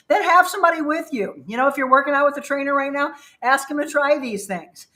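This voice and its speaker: A woman's voice: fairly high pitch, a bit bright. A woman hosting a fitness show, coaching viewers in an upbeat way while she demonstrates exercises live. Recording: roomy echo.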